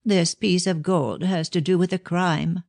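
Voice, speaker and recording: A woman reads a dramatic middle-aged clairvoyant, effusive with visitors and dropping into a slow, grave, solemn hush in trance. She pitches the voice higher than her own, steady in tone and creaky, and the recording is dry and close with no echo.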